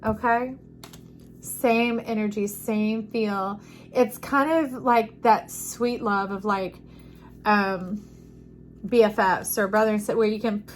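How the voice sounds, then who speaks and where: A woman giving an intuitive tarot reading, playful and affectionate, who swings between sing-song enthusiasm and soft, hushed tones. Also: medium pitch, slight background noise. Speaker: tarot reader.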